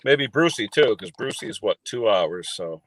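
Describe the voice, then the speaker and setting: A man's voice: on the low side, lively intonation, moderate pace. A man on a live stream who teases the others and repeats their names to get attention. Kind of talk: casual chat.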